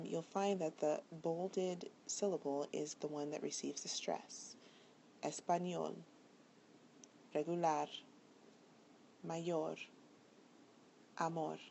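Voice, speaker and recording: A woman teaching a pronunciation lesson, explaining rules slowly and repeating example words for the class. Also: vocal fry, darkish tone. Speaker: Spanish teacher. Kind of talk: classroom lecture. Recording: faint background noise and low rumble.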